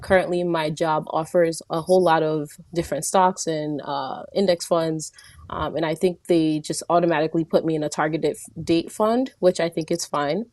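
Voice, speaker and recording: A woman's voice: sits low, steady tone, normal speed, a little mellow, no echo. A woman in her twenties from Rhode Island, calling in politely and chattily with a question. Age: 20s. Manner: polite, chatty, laughing easily. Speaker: caller. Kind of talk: phone-in question.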